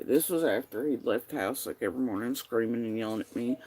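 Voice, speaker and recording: A man's voice: medium pitch, brisk, dark tone, low-quality recording. A man in a profane, bitter personal rant, reading out and picking apart old text messages.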